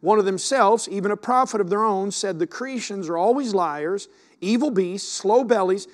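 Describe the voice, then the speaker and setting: A man's voice: high voice, moderate pace. A male pastor preaching a sermon, reading scripture aloud, repeating words, and asking his congregation questions. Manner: repeats words and restarts sentences.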